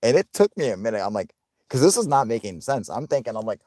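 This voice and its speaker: A man's voice: fairly low pitch, very animated, fast, darkish tone, no room sound, clean studio sound. A man hosting a live stream, chatting casually with viewers in a profane, rambling way and laughing often.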